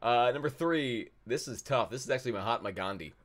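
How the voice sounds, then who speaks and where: A man's voice: medium pitch, lively intonation, a little fast, fairly bright tone. Man, trivia host, casual and jokey, rambles and repeats lines. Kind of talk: casual live trivia hosting.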